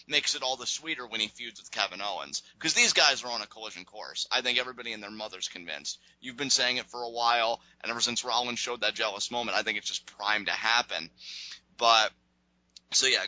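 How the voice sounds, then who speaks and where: Bright-voiced man recapping wrestling. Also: medium pitch, dry recording, low-quality recording. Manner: animated, acts out wrestlers' lines. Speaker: wrestling podcast co-host. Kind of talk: casual recap chat.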